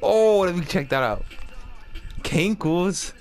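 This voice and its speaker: Excitable trash-talking male gamer. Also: high-pitched, very slow, long pauses, faint music behind. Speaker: gameplay commentator. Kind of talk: casual gaming commentary.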